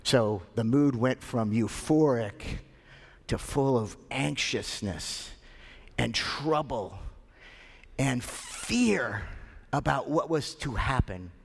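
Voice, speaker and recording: A male pastor preaching a sermon, retelling scripture with animated delivery and dramatic pauses. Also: medium pitch, vocal fry, breathy edge, big-room sound. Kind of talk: sermon storytelling.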